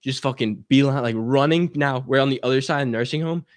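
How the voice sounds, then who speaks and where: Young male guest, mid-pitch, rambling, curse-heavy anecdote, acts out every quote. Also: fast, no room sound, studio quality. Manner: profane, animated, acts out quotes. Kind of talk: casual storytelling.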